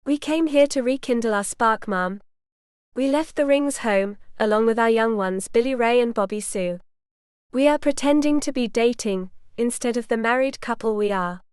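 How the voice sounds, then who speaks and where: A man's voice: extremely high pitch, normal speed, smooth, no room sound, studio quality. A woman voicing a playful young male doctor who puts on a hammy Southern drawl. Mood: mock Southern. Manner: hams up a fake Southern drawl.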